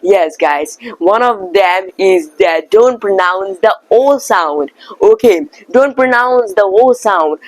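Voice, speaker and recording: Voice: medium pitch, dry recording, poor audio. Earnest tutorial voice. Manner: earnest, repeats words as drills. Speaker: accent-practice video maker. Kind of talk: casual tutorial with storytelling.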